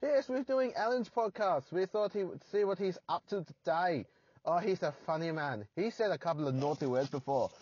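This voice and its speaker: A man's voice: lively intonation, moderate pace, darkish tone, husky, dry recording, dull audio. A man voicing a silly, prim German character who chides and scolds, recorded in a parked car. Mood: scolding, amused. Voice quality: high, put-on foreign lilt.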